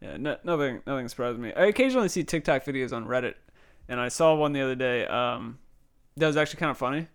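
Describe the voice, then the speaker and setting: A man's voice: mid-range voice, lively intonation, quick pace, clear, resonant tone. A young man co-hosting a podcast in casual chat, joking and laid-back. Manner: joking, laid-back, drifts into silly put-on quotes. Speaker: podcast co-host.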